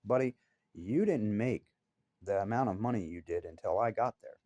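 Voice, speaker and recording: A man's voice: fairly low pitch, normal speed, mellow, no room sound. A man telling a work story in a blunt, heated, profane way. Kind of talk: casual storytelling.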